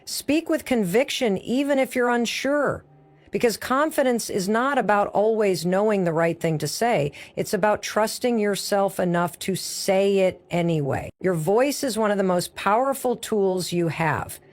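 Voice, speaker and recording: A woman's voice: medium pitch, measured pace. Woman giving a motivational talk, punchy and emphatic, coaching you straight on, normal mid voice. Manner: emphatic coaching delivery with short punchy phrases. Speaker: motivational speaker. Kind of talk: motivational speech.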